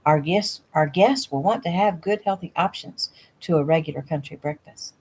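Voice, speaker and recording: A woman reading the lines of a tiny, gentle elderly grandmother, in a casual audiobook reading at home. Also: low voice, normal speed, husky, low-quality recording. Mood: cheerful. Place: home room.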